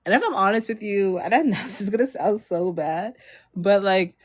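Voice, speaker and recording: A woman's voice: mid-range voice, moderate pace, dry recording. A young woman from Maryland telling a personal story in a storytime vlog, rambling with lots of fillers and frequent laughs.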